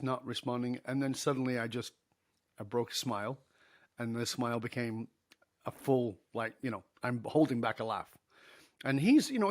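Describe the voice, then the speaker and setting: A middle-aged man, a podcast guest, telling a story in an interview, acting out the dialogue and laughing easily. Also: on the high side.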